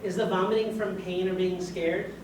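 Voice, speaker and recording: A man giving a medical lecture to a live audience, heard from a distance in an echoey room. He talks conversationally, putting questions to the audience. A steady hiss of noise sits under his voice. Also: high-pitched, moderate pace. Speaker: doctor giving a talk. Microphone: far room mic.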